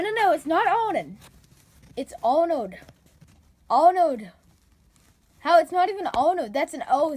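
A woman's voice: high-pitched, darkish tone, a little hiss or hum. A woman reading out written feedback in a dry, sarcastic comedy vlog, sounding out misspelled words. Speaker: comedy vlogger.

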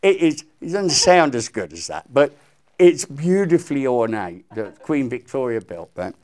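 Speaking at a moderate pace with a mid-range voice, an older man from England appears as a guest musician in an interview. He animatedly shares stories from his career and performs the quotes himself.

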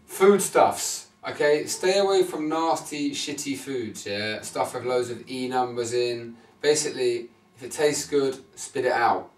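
A man's voice: medium pitch, unhurried. Man, blunt and sweary, roomy echo, mic set back. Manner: blunt, swears, checks in with 'right?' and 'okay?'. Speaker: men's fashion vlogger. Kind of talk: casual direct-to-camera advice. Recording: echoey room, mic at a distance.

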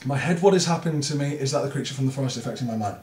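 A man's voice: mid-range voice, rapid-fire, echoey room, over loud music. Jumpy British man swearing through a horror game. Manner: jittery, swears a lot, nervous jokes and sudden screams. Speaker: gaming YouTuber. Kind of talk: horror game let's play commentary.

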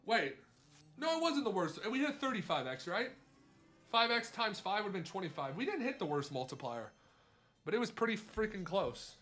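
Young male streamer, high bright voice, rapid swings from muttering to yelling, live gambling commentary. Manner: excitable, swings from muttering to shouting and swearing.

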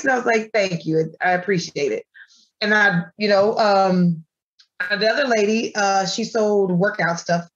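A woman, a small food business owner, telling an animated story in an interview and acting out the dialogue of the people in it. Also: mid-range voice, moderate pace, highs cut off. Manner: animated, acts out quoted dialogue with her voice. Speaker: guest, granola business owner.

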